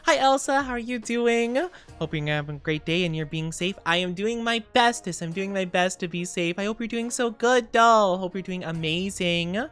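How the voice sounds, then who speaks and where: Woman, young adult, sleepy streamer, casual chat, clear smooth tone, faint music behind. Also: medium pitch, normal speed, hardly any pauses. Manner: chatty, warmly greets and reads chat. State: tired, low on sleep. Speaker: VTuber streamer.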